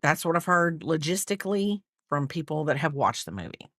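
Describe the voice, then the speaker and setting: A woman's voice: low voice, very animated, moderate pace, fairly bright tone, no echo, clean studio sound. A middle-aged woman chatting casually while she crochets, rambling with lots of fillers and asides. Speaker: crochet vlogger.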